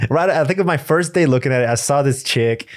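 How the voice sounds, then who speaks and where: A man co-hosting a podcast, chatting casually, animated and laughing often. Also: mid-range voice, normal speed. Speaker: podcast co-host. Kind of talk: casual chat.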